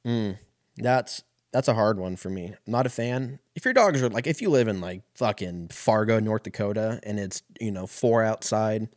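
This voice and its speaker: A man's voice: fairly low pitch, lively intonation, moderate pace, darkish tone. A man delivering a heated, rambling comedic rant full of swearing as a solo podcast host.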